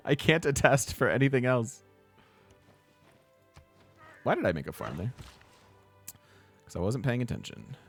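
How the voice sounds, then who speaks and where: A man's voice: mid-range voice, very animated, measured pace, vocal fry, long pauses, soft background music. A man casually commenting on a strategy game while he plays, laughing often and chatting with his viewers. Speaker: let's play host.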